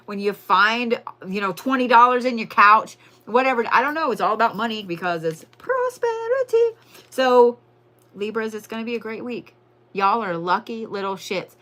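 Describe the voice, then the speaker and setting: A woman's voice: fairly high pitch, pushed and bright. A woman doing a casual live tarot reading, brash and profane, repeating her lines for emphasis. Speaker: tarot and zodiac reader, livestream host.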